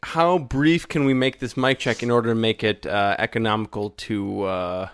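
A man's voice: fairly low pitch, fairly even intonation, clear, resonant tone. Wry young man in podcast banter. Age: young adult. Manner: chatty, wry, quick asides. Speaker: podcast co-host. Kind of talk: casual chat.

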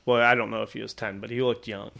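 A man, an artist, recounting a convention story in casual podcast chat. He is animated, acts out other people's voices and laughs often. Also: lowish voice, fast, vocal fry.

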